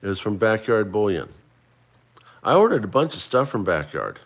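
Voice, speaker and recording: A man's voice: lowish voice, big pitch swings, moderate pace. A middle-aged man hosting a casual livestream, chatting and running a trivia quiz for viewers he addresses by name. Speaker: livestream host.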